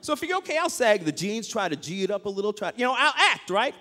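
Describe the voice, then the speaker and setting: A man's voice: high-pitched, big pitch swings, fast talker, sharp tone. A man doing a self-mocking stand-up comedy set on a club stage, full of asides. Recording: noisy comedy club with crowd.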